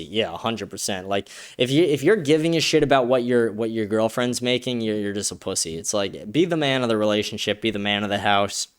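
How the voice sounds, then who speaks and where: Smooth-voiced blunt livestream host. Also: male voice, on the low side, fairly quick, hardly any pauses. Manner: blunt, profane, offhand. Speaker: show host. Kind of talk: casual livestream commentary reading chat comments.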